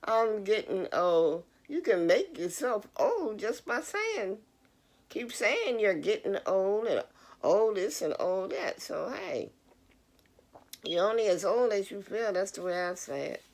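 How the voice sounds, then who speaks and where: A woman's voice: medium pitch, big pitch swings, unhurried, creaky, darkish tone. A middle-aged woman vlogger giving a casual, earnest motivational talk straight to her viewers. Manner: earnest, preachy, addresses the audience directly.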